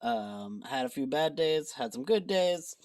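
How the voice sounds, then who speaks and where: Low, lively woman vlogging from home. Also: measured pace, far from the mic. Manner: chatty, self-deprecating, rambling. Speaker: book vlogger. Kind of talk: casual chat.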